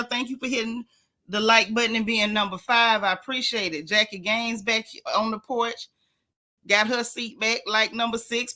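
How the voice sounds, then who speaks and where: Bright chatty woman greeting viewers. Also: a little high. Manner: chatty, greets viewers by name, Southern US slang. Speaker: livestream host. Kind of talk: casual livestream chat.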